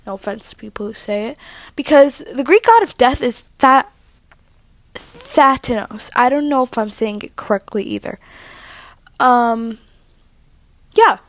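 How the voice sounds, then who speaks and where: A woman telling a casual story on her vlog, rambling and chatty as she interrupts herself. Her voice sits fairly high for a woman. She records on her own mic in a living room with a dry, close sound. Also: lively intonation, measured pace, long pauses, dry recording. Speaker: vlogger. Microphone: own microphone.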